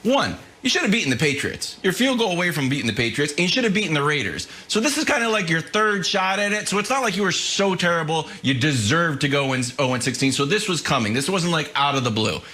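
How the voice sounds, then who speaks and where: A man co-hosting a sports debate show, arguing his point with animated, mocking impressions. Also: a little high, fast, few pauses.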